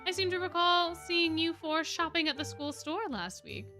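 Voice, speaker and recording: A mischievous ancient fae with quaint, old-fashioned phrasing, sly and teasing, as a woman reads him aloud from a game. The voice sits high and bright, with a giggle never far away. Soft game music plays underneath. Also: moderate pace. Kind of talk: reading game dialogue aloud.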